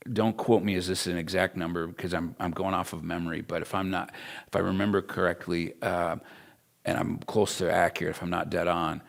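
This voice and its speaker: A man's voice: deep voice, gravelly. A man, teaching a Bible school class through an earnest, emotional personal story.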